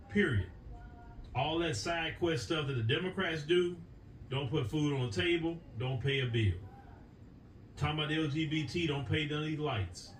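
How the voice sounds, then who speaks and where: A man's voice: on the high side, far from the mic. An American man hosting a political commentary show, delivering an opinion monologue to viewers in an emphatic, repetitive style that drives his points home. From United States. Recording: echoey room, voice away from the mic, faint noise.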